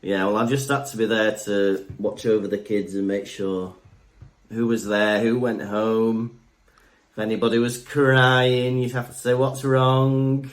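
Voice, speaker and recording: A man's voice: fairly low pitch, measured pace. A young man co-hosting a podcast, chatting casually in a jokey, rambling way. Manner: jokey, rambling, lively storytelling. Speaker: podcast co-host. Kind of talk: casual chat.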